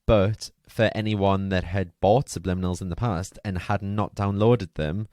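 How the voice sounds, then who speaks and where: A man with a low, slightly mellow voice hosts a podcast, speaking at a moderate pace with fairly even intonation. The recording is dry with clean studio sound as he tells a rambling, chatty story full of asides and fillers.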